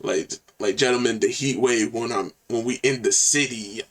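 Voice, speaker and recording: A man hosting a reaction video, chatting excitedly in casual slang about a song he just heard. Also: medium pitch, normal speed, recorded from a distance. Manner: excited, slangy, quotes lyrics back.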